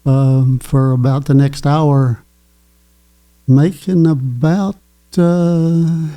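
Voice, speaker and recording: A man's voice: fairly high pitch, steady tone, warm tone, clean tone. Chuckling older man. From Kentucky. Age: 80s. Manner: chuckling, folksy, halting with fillers. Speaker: guest. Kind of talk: casual storytelling.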